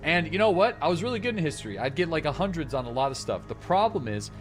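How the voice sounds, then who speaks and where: A man's voice: on the high side, sing-song, fast, soft background music. A young man from eastern Canada, rambling and joking through casual live-stream commentary while he plays. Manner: rambling and jokey, with many fillers. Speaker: gaming streamer.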